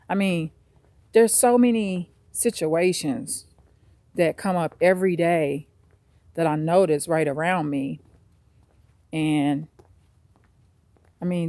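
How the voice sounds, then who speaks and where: A woman's voice: low-pitched, darkish tone, no room sound. A woman vlogging on a walk outdoors, ranting bluntly with plenty of cursing. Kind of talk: casual vlog monologue.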